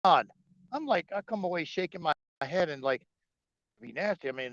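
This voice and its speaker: A man's voice: on the high side, expressive, moderate pace, a bit bright, dry recording. A man co-hosting a livestream, chatting casually, joking, swearing and laughing often. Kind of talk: casual political chat. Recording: dull lo-fi stream audio.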